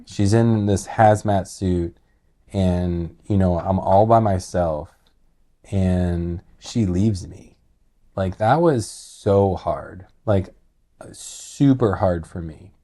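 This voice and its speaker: A man's voice: low voice, slow pace, dark tone. A middle-aged man telling a personal story in casual, earnest talk, rambling with many restarts and filler words.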